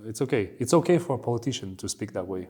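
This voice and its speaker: A man's voice: lowish voice, rapid-fire, husky. A man with a Kazakh accent, hosting a podcast and telling stories in casual chat. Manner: animated, laughs while telling stories. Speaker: podcast host.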